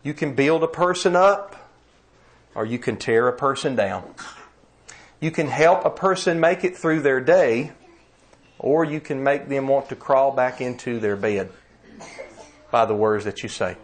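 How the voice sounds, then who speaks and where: A man preaching a sermon, earnest and emphatic, slowing down to read scripture. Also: mid-range voice.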